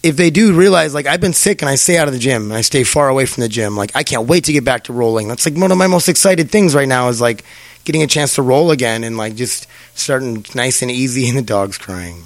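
A man's voice: medium pitch, quick pace, no echo. A young man hosting a podcast in a rambling casual chat, swearing and laughing as he talks. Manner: rambling, profane, laughs often. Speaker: podcast host.

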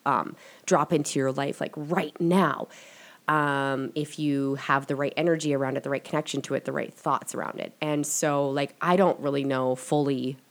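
A woman's voice: rumbling low, fairly even intonation, normal speed. A young woman hosting a podcast, telling personal stories casually, full of "like" fillers and swearing. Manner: chatty, frequent "like" fillers, swears freely. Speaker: podcast host. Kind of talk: casual confessional storytelling.

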